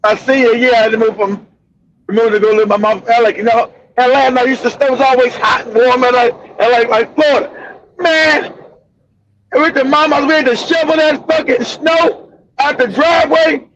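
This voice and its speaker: Loud laughing high-voiced man. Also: fairly even intonation, normal speed, highs cut off, slight background noise. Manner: loud, laughing, swearing storyteller. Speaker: livestream host. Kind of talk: casual profane commentary.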